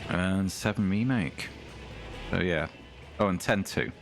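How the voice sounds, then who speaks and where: A man's voice: low voice, slow pace, vocal fry, faint music behind. A man streaming a retro racing game, chatting casually with his viewers and reading things aloud with dry comments.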